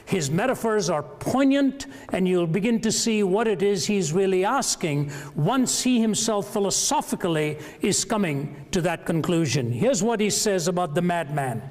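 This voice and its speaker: A man giving a public lecture at a university, measured and reflective as he tells stories. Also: high voice, lively intonation, darkish tone. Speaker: speaker. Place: large university lecture hall. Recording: long reverb of a large hall.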